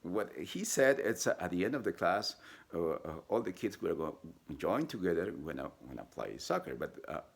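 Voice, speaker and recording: Telling his life story as a vlogger, a man speaks in a deep, gravelly voice, haltingly and with frequent fillers and restarts. Whenever he quotes other people, he jumps into high, lively voices.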